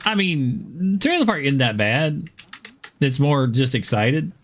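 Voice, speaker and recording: A man's voice: medium pitch, very animated, takes it slowly, a little hiss or hum. Man, from the US South, game streamer, rambling casual chat, chuckles a lot, faint keyboard clicks behind. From Southern United States. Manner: rambling, chuckles often, many fillers.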